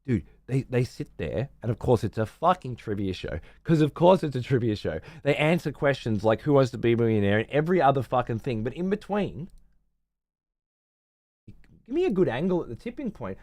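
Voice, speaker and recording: Australian streamer, foul-mouthed rambling rant, dry close sound. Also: male voice, mid-range voice, very animated, fairly quick, a little mellow, dry recording. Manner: profane, rambling, sarcastic. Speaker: livestreamer. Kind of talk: casual livestream rant.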